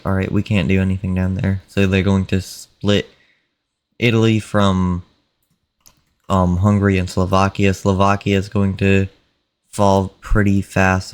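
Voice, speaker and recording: A man casually narrating an imagined war over a map, unhurried and plain, with fillers and mock quotes. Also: low voice, smooth, no echo.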